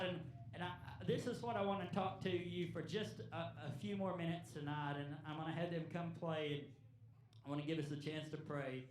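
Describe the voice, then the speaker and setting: Male preacher, earnest and stumbling, recorded at a distance in a reverberant hall. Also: high-pitched. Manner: halting, repeats words, earnest. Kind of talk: sermon. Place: church hall. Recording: echoey room, voice from afar.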